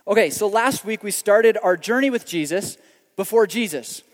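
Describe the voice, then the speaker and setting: A man's voice: high voice, expressive, moderate pace, in a large hall. A man preaching a conversational sermon as pastor, often restarting and repeating words as he thinks aloud.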